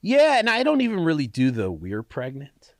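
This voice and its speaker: A man's voice: high voice, huge pitch swings, fast talker, no echo, studio quality. A tired young man with a stuffy, congested voice, telling stories as a podcast co-host in casual chat. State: recovering from a cold, tired.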